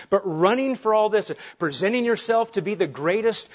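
A man's voice: high voice, expressive, moderate pace. A male pastor preaching an earnest, emphatic sermon, asking his listeners rhetorical questions. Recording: dull lo-fi sound.

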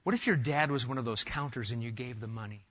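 A middle-aged man preaching a sermon as pastor, animated, swinging between loud emphasis and soft asides. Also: medium pitch, quick pace, husky, muffled recording.

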